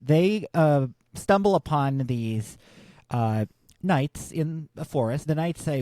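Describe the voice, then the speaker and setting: A man's voice: a little high, animated, a little mellow, dry recording. Easygoing podcast co-host man, dry sound. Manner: easygoing, halting, with fillers and restarts. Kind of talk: casual film discussion podcast.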